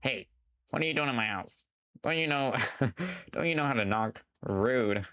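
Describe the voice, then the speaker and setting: A man's voice: medium pitch, animated, a little slow, bright, forceful tone, voice pushed up. A man reading aloud as an indignant homeowner who scolds an intruder in a game. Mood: huffy scolding. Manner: scolding, huffy.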